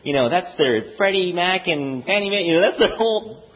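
A middle-aged man preaching a sermon as pastor in a relaxed, conversational way, often acting out the voices of others. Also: sits high, fairly quick. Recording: dull lo-fi recording.

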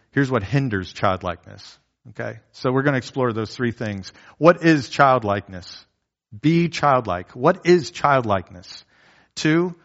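Male pastor giving a sermon, middle pitch, earnest, repeats himself, kinda dull lo-fi audio. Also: a bit bright. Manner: earnest, repetitive teaching with enumerated points. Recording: dull lo-fi recording.

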